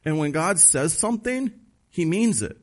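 Man, pastor, sermon, emphatic, conversational, rhetorical questions, somewhat higher voice. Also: lively intonation, normal speed.

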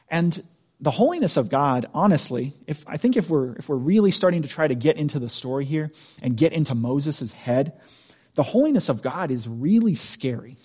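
A man's voice: on the high side, very animated, normal speed, a little mellow, husky. A man preaching a sermon in a conversational, emphatic way, asking the congregation rhetorical questions. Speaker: pastor.

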